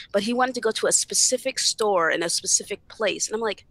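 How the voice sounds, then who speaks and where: A young woman podcast guest bluntly retells a family argument in casual storytelling chat, full of swearing and acted-out dialogue. She talks fast in a medium-pitched, creaky, slightly bright voice, with no room sound.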